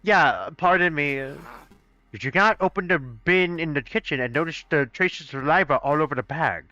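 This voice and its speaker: A young man playing through a fan game live, voicing characters in an excitable, swearing, mock-outraged way, on a dull, dry recording. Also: on the high side, normal speed, no echo, faint music behind. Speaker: let's play gamer voicing a fan game. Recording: dull, dry close-mic sound.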